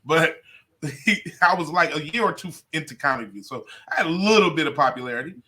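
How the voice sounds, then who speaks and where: A middle-aged comedian from Detroit telling a story in a casual interview, laughing often and cursing freely. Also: male voice, fairly high pitch, lively intonation, fast talker, sharp tone. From Detroit, USA. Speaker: comedian guest.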